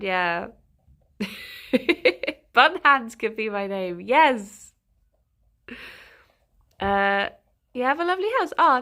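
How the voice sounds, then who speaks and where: A woman chats casually with her stream viewers, giggling often and rambling between topics. Her voice sits at an ordinary middle pitch, and she sounds a little sniffly. She breaks off now and then to talk to her rabbits. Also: pushed and bright.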